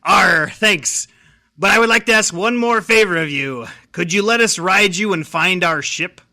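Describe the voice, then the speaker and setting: A man's voice: high voice, a little slow, sharp tone, full character voice. A man voicing a boisterous bearded male pirate captain, growling with pirate arrs in a storybook reading. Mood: grateful.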